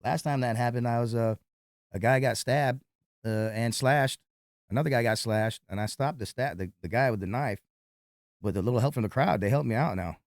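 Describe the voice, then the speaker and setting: A man who works as a nightclub bouncer tells a fight story in an interview, animated and profane. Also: medium pitch, normal speed, dry recording, studio quality.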